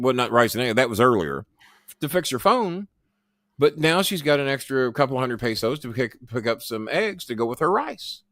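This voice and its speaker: Here the podcast host has a mid-range, slightly bright voice, recorded dry and at studio quality. He rambles through a casual storytelling monologue on his show, with boasts, swearing and stammered restarts.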